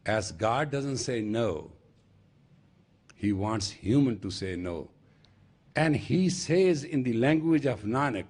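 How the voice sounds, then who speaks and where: A man's voice: mid-range voice, expressive, takes it slowly, pauses often, a little mellow, breathy edge. An older man with an Indian accent, a spiritual teacher giving an emphatic storytelling sermon. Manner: storytelling with acted dialogue, emphatic. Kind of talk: lecture sermon.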